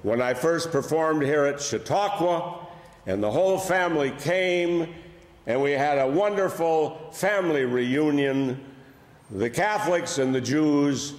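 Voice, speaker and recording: A man's voice: fairly high pitch, measured pace. An older man with a Buffalo accent, a comedian telling wry stories with dry punchlines. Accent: Buffalo, New York. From Buffalo, New York. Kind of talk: humorous storytelling talk. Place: large church hall. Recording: echoey hall with long reverb.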